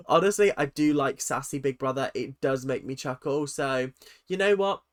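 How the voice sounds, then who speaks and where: A man's voice: medium pitch, normal speed. A young British man chatting sassily and animatedly to his viewers in a casual reality-TV commentary rant. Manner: chatty, sassy, animated, talks straight to viewers.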